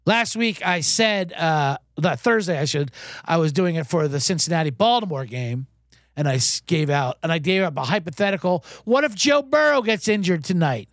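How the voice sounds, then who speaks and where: A man's voice: fairly high pitch, moderate pace, dry recording, clean studio sound. A man hosting a sports betting podcast, rambling through stories in casual talk. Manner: rambling, animated storytelling with restarts.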